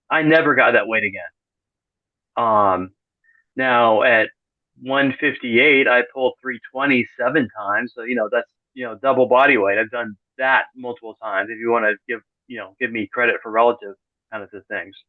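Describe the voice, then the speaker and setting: On a podcast, a middle-aged man with a mid-range voice chats as a guest in a casual interview, rambling, restarting sentences, and slipping in dry, deadpan sarcasm. The audio is thin and tinny like a phone call, with no room echo.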